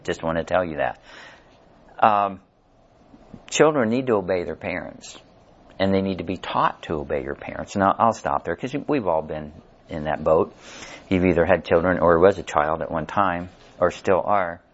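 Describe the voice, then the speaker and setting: Older guy with a real low voice running a bible study, chatty and jokey, kinda dull lo-fi sound. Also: normal speed. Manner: conversational, jokey, tells stories with acted dialogue. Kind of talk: casual Bible study teaching.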